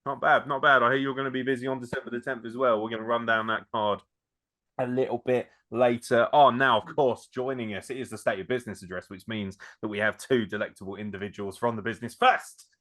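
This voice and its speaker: Male podcast host, teasing and jokey, casual chat, mid pitch. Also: steady tone, fast talker, a bit bright.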